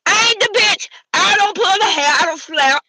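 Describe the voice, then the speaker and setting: A woman's voice: extremely high pitch, moderate pace, sharp tone, slight background noise, poor audio. A woman, delivering a heated, profane, trash-talking rant as a commentary vlogger. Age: 60s. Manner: brash, swearing, trash-talking.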